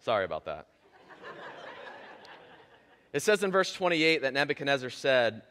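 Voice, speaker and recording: A man preaching a sermon in a church, retelling a scripture story in a lively, playful way with casual asides. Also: medium pitch, moderate pace, long pauses. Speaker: pastor. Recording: echoey church hall.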